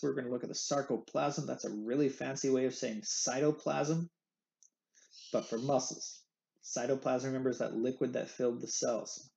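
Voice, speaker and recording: A man's voice: medium pitch, creaky, mellow, muffled recording. A man teaching an anatomy lecture in a playful way, repeating the key terms. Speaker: anatomy instructor. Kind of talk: recorded lecture.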